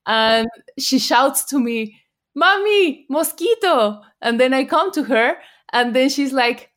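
A woman from Mexico speaking English with a Mexican Spanish accent, her voice sitting a little on the high side. She is an interview guest who tells lively stories and laughs often. Spanish is her first language. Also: measured pace. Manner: laughs often, animated storyteller. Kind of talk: casual interview chat.

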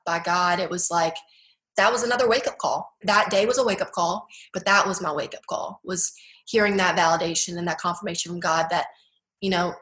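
A young adult woman in an interview, telling her story earnestly and haltingly, with many filler words. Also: fairly low pitch, fairly even intonation, a bit bright, echoey room, low-quality recording. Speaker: guest. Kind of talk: personal testimony interview.

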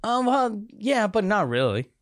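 A man's voice: high voice, sing-song, unhurried, dry recording, clean studio sound. A man from City, co-hosting a podcast in blunt, joking casual chat. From Quebec City. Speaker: podcast co-host and comedian.

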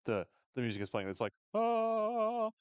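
Guy with a lowish voice doing a swear-heavy tv recap, dry close sound. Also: moderate pace, no room sound. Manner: animated, sweary and wry. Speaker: podcast co-host recapping a TV episode. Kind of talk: casual recap chat.

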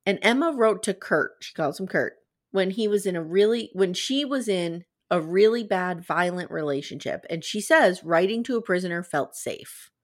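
A woman's voice: on the low side, normal speed. A woman hosting a podcast, recapping a reality show in casual chat and acting out quotes in a jokey way. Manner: animated, jokey, acts out quotes in a bad British accent.

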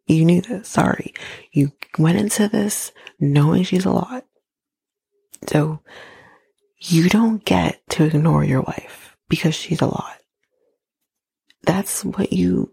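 A woman hosting a podcast, recapping a reality show in a blunt, sarcastic, swearing way, often slipping into a breathy near-whisper. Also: lowish voice, dark tone, dry recording. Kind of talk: casual recap monologue.

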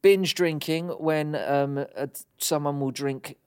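A man's voice: on the high side, slow, a little mellow, clear, resonant tone. A man co-hosting a relationship podcast with his wife in casual, joking chat. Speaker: podcast co-host.

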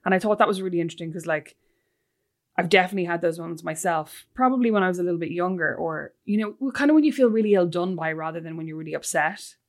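Fast-talking animated woman podcaster. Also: lowish voice. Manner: animated, tells stories with lots of "like". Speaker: podcast co-host. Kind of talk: casual chat.

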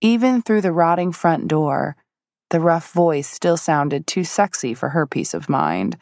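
Low-voiced woman narrating a novel. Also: animated, a little slow, gravelly, darkish tone, no room sound, clean studio sound. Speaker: audiobook narrator. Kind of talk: scripted narration.

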